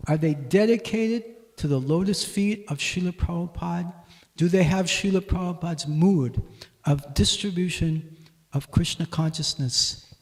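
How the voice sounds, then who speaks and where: A man giving a devotional class at a temple, teaching in a measured way and telling stories. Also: a little high. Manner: measured teaching, voice rising loudly for quoted shouts. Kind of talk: devotional lecture with storytelling. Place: temple hall.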